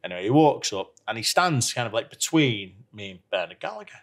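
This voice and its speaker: A man's voice: mid-range voice, sing-song, a little fast. A man, a professional golfer, telling an anecdote in a podcast chat, laughing as he acts out what others said. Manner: laughs through his stories, acts out quotes. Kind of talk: anecdotal storytelling.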